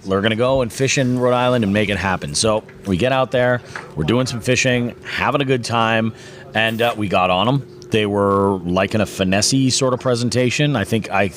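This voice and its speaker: A man's voice: on the low side, a bit bright. Rambling man hosting a fishing show. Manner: rambling, with many fillers and restarts. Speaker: fishing podcast host. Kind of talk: casual chat.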